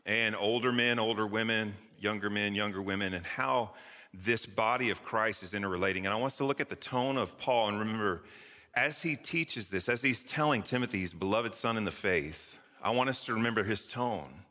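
A man preaching a sermon with an easy, conversational warmth and playful asides. His lowish voice has a bright, forceful edge. It rings out through a large church hall with a long reverb tail. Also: fairly quick. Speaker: pastor. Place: church sanctuary.

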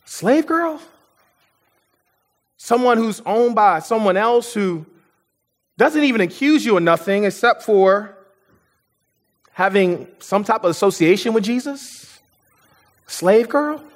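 A man's voice: sits high, unhurried, big-room sound. A male pastor preaching a sermon in a church auditorium, in a conversational way with repetitions and asides to the congregation.

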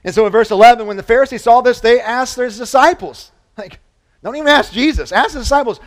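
Male pastor with a high voice, preaching in a loose conversational way, punching up key lines and dropping low for quiet points. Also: fast talker. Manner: conversational, animated preaching with restarts and asides; swings from loud emphasis to quiet low delivery. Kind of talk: sermon.

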